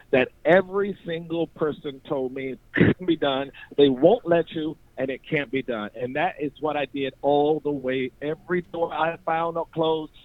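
A man's voice: a little high, no room sound. A man from North Carolina telling his life story in casual talk, acting out voices in the stories, repeating words and laughing often. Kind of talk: animated storytelling chat. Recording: tinny phone-like radio sound.

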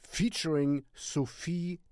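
A man's voice: on the high side, steady tone, takes it slowly, a little mellow, no echo, clean studio sound. A man with a German accent recommending a song on his music channel, rambling and searching for words. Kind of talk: casual music recommendation vlog.

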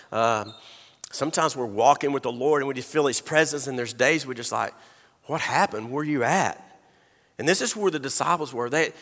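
Male pastor, conversational storyteller, bright forceful tone, long hall reverb. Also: mid-range voice. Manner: conversational storytelling, acts out quotes, repeats words. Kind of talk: sermon.

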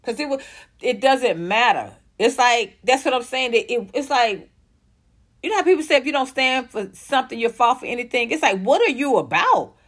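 A young woman ranting profanely as a commentary host, blunt and heated, jumping between fast outbursts and slow stressed words. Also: on the high side, animated.

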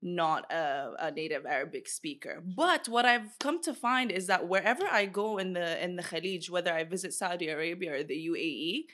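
A woman's voice: on the low side, expressive, fairly quick, few pauses, fairly bright tone. A young woman from Bahrain, chatting casually as a guest, rambling with fillers and slang. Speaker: guest, usual host of the show. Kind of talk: casual chat.

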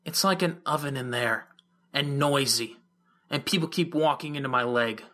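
A sardonic teenage girl sitting out the party and grumbling under her breath, as a male narrator reads her. The voice stays near the reader's own pitch, and it comes across dry and clipped with a bright tone. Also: normal speed, lightly acted. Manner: dry, muttering. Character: teen girl with a hurt ankle, sardonic. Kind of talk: audiobook character voice.

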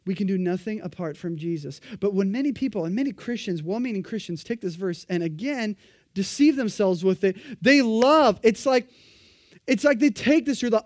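Emphatic high-voiced male preacher. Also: a little fast, no room sound, studio quality. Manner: animated, emphatic, mocking quoted voices. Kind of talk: sermon.

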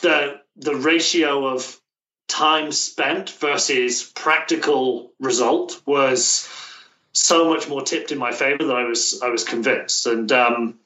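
A man's voice: mid-range voice, slow pace, pushed and bright. British man, distant and roomy. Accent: British English. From Britain. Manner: chatty, frequent restarts and fillers. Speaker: guest, language coach. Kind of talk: casual interview chat. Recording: roomy, distant, dull remote-call sound.

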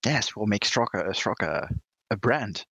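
A man at the gaming table tosses in wry, joking asides. His voice is low and husky. The sound is close and dry. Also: lively intonation, unhurried, bright, forceful tone, no room sound. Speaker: player.

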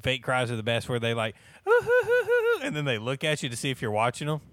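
A man's voice: medium pitch, fast talker, a bit bright. Guy in his 30s running a bible study, jokey, lots of laughs and restarts. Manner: joking, laughs often, many restarts. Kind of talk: casual church Bible study chat.

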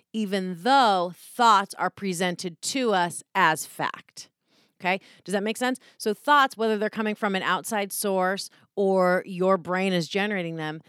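A woman talks through a self-help idea in a loose, candid way, swearing freely and slipping into quoted voices as she goes. Her pitch sits in the middle, and the sound is dry with no room around it. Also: dry recording. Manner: candid, profane, animated, acts out quoted voices. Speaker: podcast host. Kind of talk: casual self-help talk.

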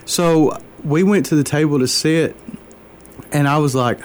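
A man as an interview guest, telling a personal faith story in an earnest, halting way, openly moved. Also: on the high side, slight background noise. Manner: earnest, halting, many fillers and restarts.

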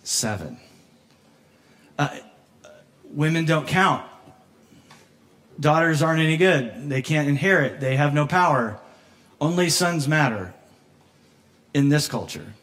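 A man preaching a sermon as pastor, conversational and animated, laughing often and acting out quoted voices, moved close to tears at times. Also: a little high, a little slow, long pauses. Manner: emotional, near tears at moments.

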